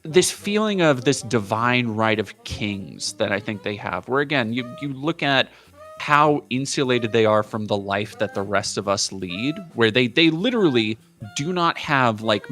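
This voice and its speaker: A man co-hosting a podcast in casual chat, quick and jokey with plenty of swearing. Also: mid-range voice, fairly bright tone. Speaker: podcast co-host.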